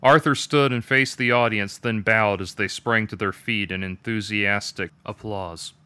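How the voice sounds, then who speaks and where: Man narrating a dark story, measured. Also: lowish voice, fairly even intonation, clear, resonant tone, no echo. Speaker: author reading his story.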